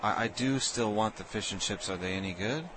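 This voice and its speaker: A low-voiced man runs a crude prank call in a brash, deadpan manner. He sounds forward and unbothered, and clear noise hums behind him. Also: brisk. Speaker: prank caller and show host.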